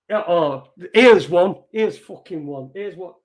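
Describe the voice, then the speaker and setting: A man's voice: high-pitched, lively intonation, slow. A man hosting an online show, swearing and mocking as he reads out messages. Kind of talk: casual live-stream rant.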